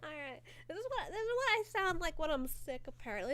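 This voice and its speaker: A woman's voice: high-pitched, big pitch swings, a little fast, hardly any pauses, fairly bright tone, a little hiss or hum. A sick, congested woman chatting casually on a livestream, giggly and joking crudely. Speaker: streamer hosting a movie watchalong.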